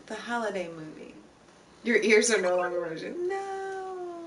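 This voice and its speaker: A woman's voice: medium pitch, moderate pace. A woman live streamer chatting casually with her viewers, laughing and teasing, repeating herself often. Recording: distant mic with clear background noise.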